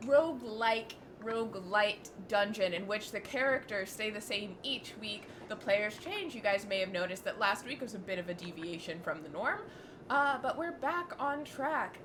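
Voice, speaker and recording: A woman's voice: medium pitch, background noise. A woman running a tabletop game on a live stream, talking in a blunt, joking, chatty way. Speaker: game master.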